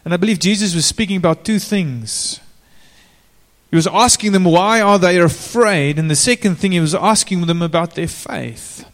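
Gravelly preacher in a reverberant hall. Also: male voice, sits high, normal speed, fairly bright tone. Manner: informal, talks to the congregation directly with questions. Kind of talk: sermon. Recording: long reverb of a large hall.

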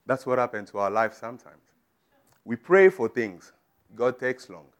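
A man's voice: medium pitch, animated, moderate pace. Emphatic man preaching a sermon. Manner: emphatic, rising to loud declarations.

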